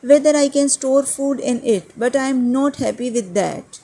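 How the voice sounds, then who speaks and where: Discontented storybook pelican, complaining and sulky, read by a woman; high voice. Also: fairly quick, mellow. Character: discontented pelican unhappy with its beak.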